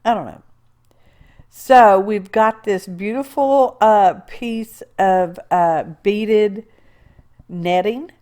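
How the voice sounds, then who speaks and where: A woman's voice: mid-range voice, drawn-out words, mellow. A woman, chatting her way through a crafting tutorial, rambling with asides and talking to herself as she works. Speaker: craft video host. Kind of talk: casual crafting tutorial narration.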